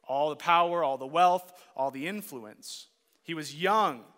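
Bright-voiced man preaching in a reverberant hall. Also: unhurried. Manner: earnest preaching, rising to emphatic peaks, dropping soft and low for scripture readings. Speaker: pastor. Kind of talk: sermon.

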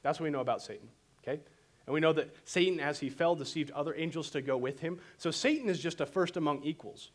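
Animated male pastor preaching. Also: on the high side, fast. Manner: animated storytelling, voices quotes dramatically. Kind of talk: sermon.

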